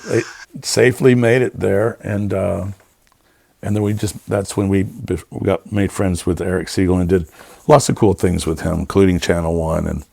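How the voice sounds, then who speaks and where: A man's voice: sits low, fairly even intonation, normal speed, gravelly, no echo. A middle-aged man, a production designer, chatting as a guest and telling rambling stories full of fillers. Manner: rambling, warm storytelling with many fillers. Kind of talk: casual interview chat.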